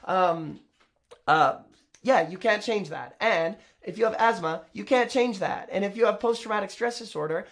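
A man with a higher-than-usual voice talks over a clip in a loose, rambling way. He interrupts himself, backtracks and drops sarcastic asides. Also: moderate pace, fairly bright tone. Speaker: commentator reacting to a video. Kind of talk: casual reaction commentary.

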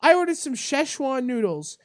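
A woman's voice: high voice, very animated, moderate pace, no room sound, clean studio sound. A young woman hosting a mock talk-radio show, ranting in fake outrage and swearing.

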